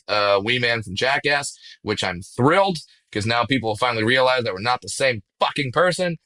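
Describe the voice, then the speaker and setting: Male comedian guest, punchy bright voice, excitable storyteller who swears freely. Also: fairly low pitch. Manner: excitable storyteller, swears freely, quick self-deprecating jokes. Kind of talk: casual podcast interview.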